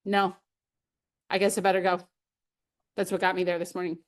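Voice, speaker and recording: A woman's voice: fairly low pitch, little pitch movement, normal speed. A middle-aged woman leading a live sales training webinar, upbeat and conversational, with personal anecdotes and light laughs.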